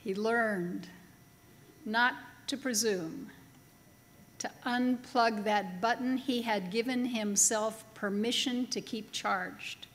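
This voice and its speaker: A woman preaching a sermon in a chapel, telling a story with humor in a slow, deliberate way. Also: fairly high pitch. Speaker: pastor. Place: large chapel. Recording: long reverb of a chapel hall.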